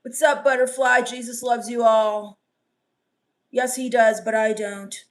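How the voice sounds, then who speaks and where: A woman playing a sullen, scornful goth teen vampire on a comedy live stream, reading chat with deadpan, sarcastic put-downs. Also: fairly high pitch, a little slow, natural voice.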